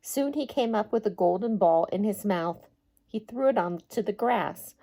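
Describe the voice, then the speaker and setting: A woman reading a picture book aloud to young children, gentle and expressive, chatting with them between pages. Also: mid-range voice, moderate pace, gravelly. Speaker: storyteller.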